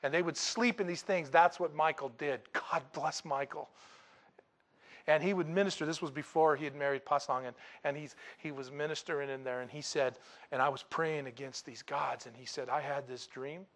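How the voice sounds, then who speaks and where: A male preacher tells a story from the pulpit with lots of drama. His voice sits a little high and swings from loud, excited bursts to quiet, hushed lines. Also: moderate pace. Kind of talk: sermon with personal story.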